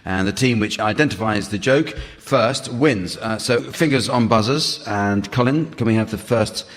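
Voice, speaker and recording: A man chairing a comedy panel show in a deadpan, dry manner. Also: lowish voice, normal speed. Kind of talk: dry scripted hosting. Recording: long hall reverb with loud music.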